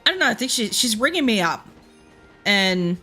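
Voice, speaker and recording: An Australian woman streaming a game, chatting casually and rambling through a story with frequent laughs and quick asides. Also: fairly high pitch, big pitch swings, pushed and bright, soft background music. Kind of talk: casual chat while playing.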